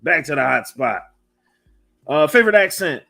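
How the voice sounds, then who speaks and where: A man's voice: on the high side, very animated, normal speed, creaky, sharp tone. A man hosting a casual livestream interview, upbeat and reading out viewer messages and donations. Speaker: livestream host.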